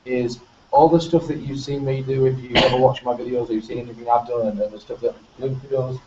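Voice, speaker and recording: A man's voice: mid-range voice, level tone, a little fast. Man, Northern English accent, host, enthusiastic, muffled distant recording. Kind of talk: casual panel chat. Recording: echoey, distant, muffled with faint noise.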